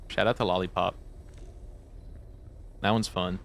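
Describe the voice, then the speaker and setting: A man's voice: sits low, fairly even intonation, a little slow, pauses often, a bit bright. A young man streaming a game, joking and rambling casually to his viewers and swearing freely. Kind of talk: casual chat to stream viewers while gaming.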